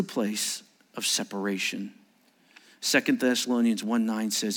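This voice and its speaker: A male pastor preaching a solemn sermon, reading quotations aloud and building to forceful emphasis. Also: on the low side, fairly even intonation, unhurried.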